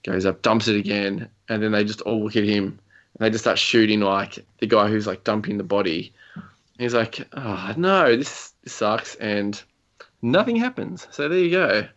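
A man's voice: on the low side, moderate pace. Young man rambling through gaming stories. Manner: rambling storytelling with frequent chuckles and fillers. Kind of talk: casual gaming chat. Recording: slightly dull lo-fi recording.

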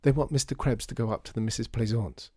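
A man's voice: mid-range voice, steady tone, fairly quick, dark tone, no room sound, studio quality, natural voice. A man reading a story aloud, voicing an earnest young girl in a raised, eager voice. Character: curious young girl, polite but quick.

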